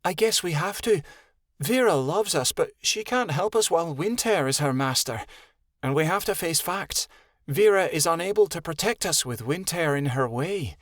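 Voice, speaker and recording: A man's voice: a little high, no room sound, clean studio sound, pitched above the performer's own voice, close to an everyday voice. Man voicing Kenai, earnest young she-wolf. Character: young female wolf, anxious, earnest leader.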